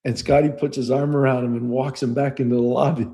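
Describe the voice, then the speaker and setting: A middle-aged man co-hosting a podcast, telling anecdotes in a lively way and acting out the voices of the people in them. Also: mid-range voice, fast. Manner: animated storyteller, acts out quoted voices, laughs often. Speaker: podcast co-host. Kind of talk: storytelling in casual chat.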